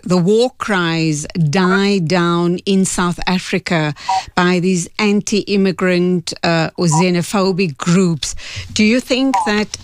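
A woman hosting a radio news show, measured and courteous as she puts questions and links segments. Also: fairly low pitch, dry recording.

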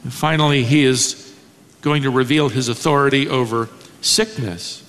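A man preaching an expository sermon, dramatic, acting out quoted lines with sudden raised shouts. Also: mid-range voice, steady tone, moderate pace, long reverb tail. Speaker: pastor.

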